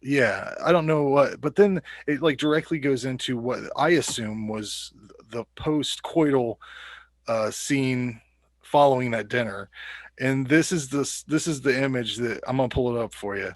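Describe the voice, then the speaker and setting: A man's voice: medium pitch, moderate pace, no echo. Yeah just a guy chillin, talking movies, lots of ums, swears a bunch, dry room. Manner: laid-back, swears freely, many ums and uhs. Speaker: podcast co-host. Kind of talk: casual movie discussion.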